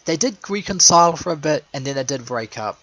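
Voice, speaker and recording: A man's voice: fairly high pitch, expressive, brisk, a bit bright, low-quality recording. A man giving a rambling, sarcastic casual commentary, laughing at his own jokes. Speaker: show fan and caller.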